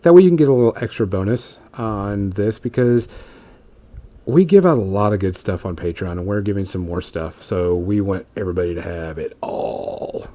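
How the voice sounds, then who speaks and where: A man's voice: low-pitched, lively intonation, normal speed, warm tone. A man co-hosting a casual podcast, plugging the channel and asking easygoing questions. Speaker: podcast co-host. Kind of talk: casual chat.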